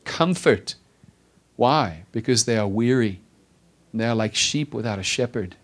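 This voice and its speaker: A male pastor preaching a sermon to his congregation, building with repeated emphatic phrases and dropping to quiet stresses. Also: lowish voice, normal speed. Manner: preaching with rising emphatic repetition.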